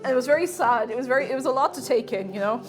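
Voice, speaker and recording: A woman streamer chatting casually while cooking, rambling through deadpan absurd jokes. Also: sits high, very fast, music in the background.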